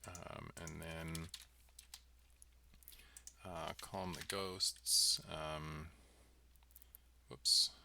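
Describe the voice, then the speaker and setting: A man's voice: low-pitched, gravelly, slight background noise. A man developing a game on a livestream, thinking aloud with many ums and let's sees as he works. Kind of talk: livestream coding walkthrough. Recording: distant mic with loud keyboard typing. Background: keyboard typing and mouse clicks.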